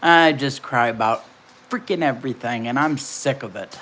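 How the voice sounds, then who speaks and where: A woman's voice: a bass voice, normal speed, fairly bright tone. An older woman hosting a casual livestream from home, chatting and answering her viewers' comments by name. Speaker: livestream host.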